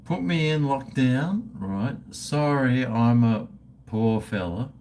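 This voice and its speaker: A man's voice: mid-range voice, lively intonation, slow, darkish tone, a little hiss or hum. An Australian man in his fifties hosting a casual live stream, joking crudely, swearing and toasting viewers over drinks. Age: 50s. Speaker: livestream host.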